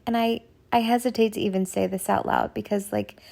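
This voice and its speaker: A woman shares a personal spiritual testimony in an earnest, emotional way. Her mid-pitched voice carries a gravelly fry. She keeps stopping to search for words and often sinks into a soft near whisper. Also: steady tone. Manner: halting, searching for words with many restarts.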